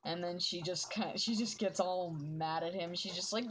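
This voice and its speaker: A woman's voice: lowish voice, fairly even intonation, moderate pace, hardly any pauses, low-quality recording. A young woman chatting casually while she draws on a live stream, rambling with lots of "like" fillers. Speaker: artist streaming her drawing. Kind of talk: casual chat while drawing.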